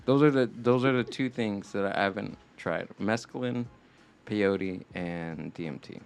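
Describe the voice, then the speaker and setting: A man's voice: lowish voice, a little slow, clean tone, soft background music. A man chatting on a podcast in a laid-back, hesitant way with lots of fillers. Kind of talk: casual podcast chat.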